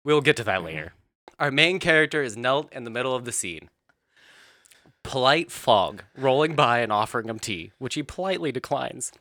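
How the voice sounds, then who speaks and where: Comedy host, male: animated and bright, a cheeky, foul-mouthed recapper. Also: medium pitch, no room sound, studio quality. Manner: animated, profane, laughs often.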